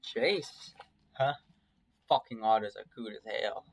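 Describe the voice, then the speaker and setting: A man's voice: on the low side, takes it slowly, gravelly, full character voice, low-quality recording. A man voicing a cocky, cheery male German shepherd in his thirties with a put-on Southern drawl, talking brash and crude.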